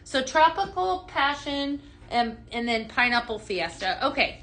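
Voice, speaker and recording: A bubbly young woman with a lilt hosts a live shopping stream, chatting to viewers and answering their comments. Her voice sits a little high and rings bright and forward. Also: sing-song, a little slow. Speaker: live shopping show host. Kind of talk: live product selling stream.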